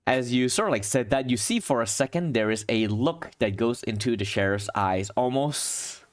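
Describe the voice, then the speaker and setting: A man running a tabletop game as game master, narrating scenes in descriptive storytelling with pauses and restarts. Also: mid-range voice, expressive.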